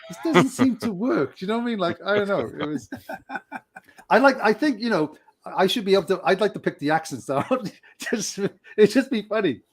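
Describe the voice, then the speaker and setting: A man's voice: high voice, animated, fairly quick. A man co-hosting a casual podcast, rambling and joking with frequent laughs. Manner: laughing, rambling, jokey asides. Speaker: podcast co-host. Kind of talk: casual chat.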